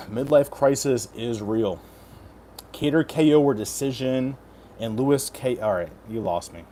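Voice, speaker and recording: A man in his mid-thirties hosts a casual live stream, joking, swearing and reading chat messages aloud. His voice sits at an ordinary middle pitch, with a faint hum of background noise behind him. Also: a little slow, warm tone. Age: 30s. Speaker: betting picks streamer.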